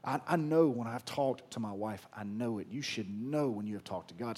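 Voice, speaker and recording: A man preaching a sermon as pastor, casual and conversational, swinging from loud emphasis to hushed, quiet lines. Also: mid-range voice, moderate pace, breathy edge.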